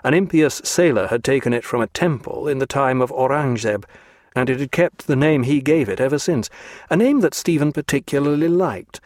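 Man, audiobook narrator, measured even delivery, mid pitch, dry close-miked sound. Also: no room sound. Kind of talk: scripted narration.

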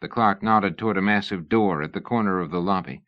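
A man narrating a novel in a measured storytelling manner. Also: low-pitched, highs cut off. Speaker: audiobook narrator. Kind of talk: scripted narration.

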